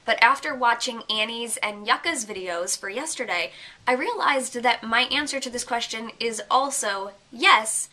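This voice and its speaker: A woman's voice: on the high side, moderate pace, sharp tone. A young woman with a congested voice from a cold hosts a casual opinion vlog, earnestly thinking aloud as she explains her view. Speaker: vlog host.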